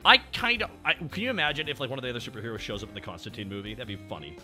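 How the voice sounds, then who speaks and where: A man hosting a casual stream chat, talking excitably and swearing freely. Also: mid-range voice, rapid-fire, faint music behind. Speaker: streamer host.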